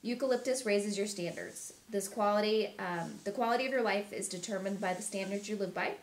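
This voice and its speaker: A woman host reading aloud from a book at home, cheerful and steady, with short chat in between. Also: mid-range voice, brisk, echoey room, slight background noise. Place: home room.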